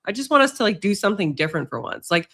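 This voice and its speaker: A woman's voice: medium pitch, very animated, racing, a bit bright. A woman from Canada with a Canadian accent, a chatty, self-deprecating guest on a casual livestream chat. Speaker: guest debater.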